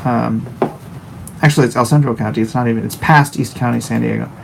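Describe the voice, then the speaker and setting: A man's voice: medium pitch, steady tone, brisk, gravelly, a little hiss or hum, rough recording. A man live-streaming while he draws, chatting casually and with a wry tone as he reads chat aloud in his home studio.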